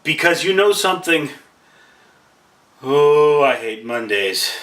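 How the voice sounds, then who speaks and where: A man's voice: medium pitch, lively intonation, measured pace, sharp tone, roomy sound, recorded from a distance. A man vlogging to camera in a rambling, self-deprecating way, telling a story and musing about his work helping people. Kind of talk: casual monologue to camera.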